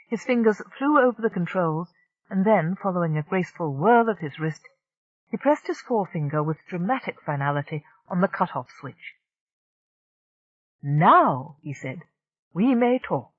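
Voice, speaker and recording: Steady science-fiction audiobook narrator. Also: mid-range voice, no room sound, dull audio.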